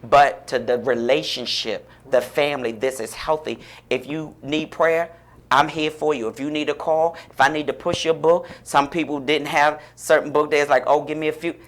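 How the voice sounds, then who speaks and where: A man with a fairly high voice and fairly even intonation speaks at a moderate pace as a radio guest in a studio. An author and pastor-like figure, he gives an inspirational interview, preacherly, fervent and encouraging about faith and support.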